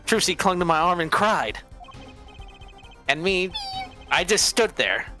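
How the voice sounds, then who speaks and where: A woman's voice: fairly low pitch, expressive, bright, forceful tone, soft background music. A woman voicing an earnest, nervous young male defense attorney in a fan game dub. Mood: shaken narration. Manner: nervous, eager, quick to exclaim.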